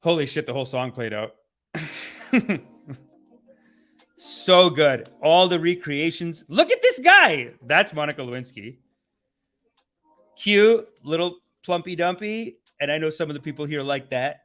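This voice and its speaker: A man hosting a casual live stream, rambling and swearing excitably, often laughing mid-sentence. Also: a little high, unhurried, long pauses. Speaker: host.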